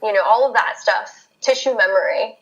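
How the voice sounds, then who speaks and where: A woman physical therapist, a podcast guest, telling a personal story in casual chat, lively and laughing as she acts out her own thoughts. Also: mid-range voice, normal speed, husky, muffled recording.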